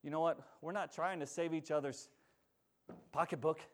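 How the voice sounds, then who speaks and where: A male pastor delivers a sermon, moving between loud, urgent stretches and quiet, earnest ones while calling on the congregation to respond. His voice sits a little high, his intonation stays fairly even, and he speaks at a normal speed.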